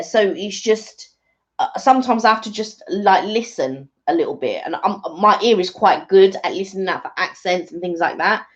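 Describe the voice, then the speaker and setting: A woman co-hosting a live stream, chatting casually and rambling with fillers and restarts. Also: fairly low pitch. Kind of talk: casual chat. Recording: dull lo-fi stream audio.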